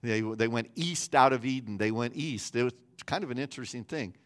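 A man's voice: medium pitch, a little fast. A man preaching a sermon as a pastor, earnest, often repeating words as he builds his point.

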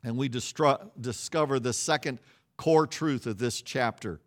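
A man preaching a sermon, telling a story in an animated way, acting out quoted voices, with frequent restarts and repeated words. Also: medium pitch, measured pace. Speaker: pastor.

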